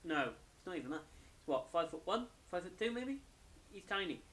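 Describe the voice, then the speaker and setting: A man's voice: high-pitched, sing-song, brisk, fairly bright tone. A young man, tired and yawning, casually reviewing an anime episode in a rambling, self-correcting way.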